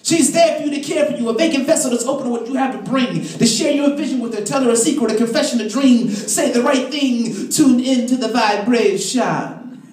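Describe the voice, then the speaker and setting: A man with a strikingly high voice performing spoken-word poetry, rhythmic and playful with heavy wordplay. The sound is very echoey, picked up from far off the mic. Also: brisk, few pauses, darkish tone. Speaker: slam poet. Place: poetry cafe stage.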